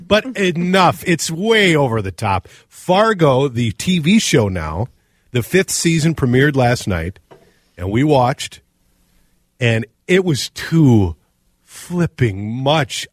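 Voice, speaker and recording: A man from Minnesota with a Minnesotan accent, co-hosting a radio show in casual, animated talk. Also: fairly high pitch, unhurried, no echo, studio quality. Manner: animated, ranting, mimics accents. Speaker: radio co-host.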